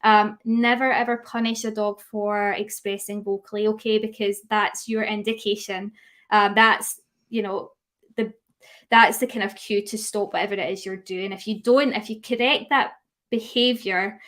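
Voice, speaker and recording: A woman's voice: medium pitch, flat delivery, normal speed, a bit bright. A young woman teaching a live online class on dog grooming, asking her audience questions and reading out their chat answers. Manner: chatty, asks the audience questions, reads out chat replies.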